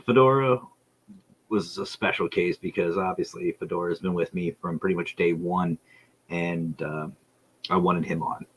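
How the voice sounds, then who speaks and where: A man with a low, steady voice at normal speed hosts his own podcast livestream, chatting casually and enthusiastically in a rambling way and reading viewer messages aloud. His streaming setup gives a rough recording with a little hiss or hum.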